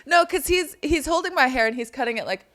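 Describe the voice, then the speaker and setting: A woman hosting a podcast in casual chat, bubbly and gushing, quick to laugh. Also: high-pitched, lively intonation, a bit bright. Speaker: podcast host and actor. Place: design showroom, indoors.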